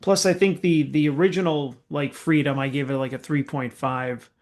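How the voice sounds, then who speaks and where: A man's voice: on the high side, fairly even intonation, normal speed. A man co-hosting a casual music podcast, giving a rambling, hesitant rating of a track with many fillers. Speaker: podcast co-host. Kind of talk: casual chat, album review.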